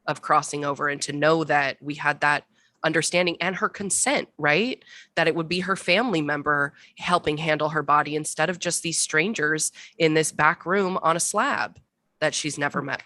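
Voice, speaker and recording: A woman with a very low yet sharp, forceful tone hosts a book club chat. She speaks earnestly and with rising passion. Her voice sounds dry, with no room echo. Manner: earnest and impassioned. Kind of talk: casual conversation.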